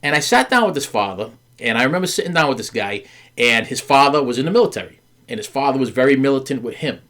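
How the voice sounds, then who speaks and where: A middle-aged podcast host talks fast in an expressive, medium-pitched, somewhat bright voice while telling his wife a story. It's a candid, earnest chat peppered with fillers, stumbles and repeated words, and he acts out the people he's quoting.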